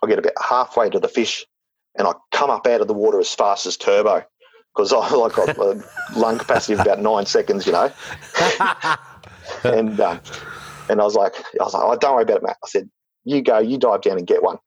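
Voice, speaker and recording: A man's voice: on the low side, fast, husky, rough recording. A man telling a story in casual talk, rambling with lots of fillers and restarts. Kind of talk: casual spoken anecdote.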